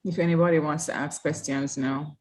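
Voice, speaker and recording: Brisk woman moderating an online panel. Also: low voice, fairly even intonation, a little mellow.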